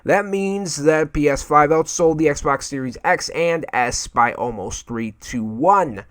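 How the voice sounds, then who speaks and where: A man with a slightly raised pitch talks through gaming news in a loose, casual commentary. He hesitates a lot and fills his pauses with "uh" while he reads an article aloud. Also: fairly bright tone. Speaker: gaming channel host.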